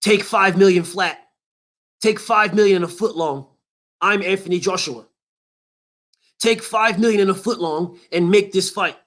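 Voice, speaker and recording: A whiny, haughty heavyweight champ boasts about himself and haggles over fight money, as a man puts him on in mockery. The voice sits a little lower than the man's usual high register and stays close to his everyday sound. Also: unhurried, long pauses, a bit bright. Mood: mocking, haughty. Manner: mocking, haughty impression.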